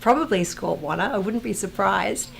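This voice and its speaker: A woman hosting a fan watch-along, chatting casually, reading viewer comments aloud and telling animated anecdotes. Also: medium pitch, moderate pace, creaky, a little hiss or hum. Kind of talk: casual livestream chat and storytelling.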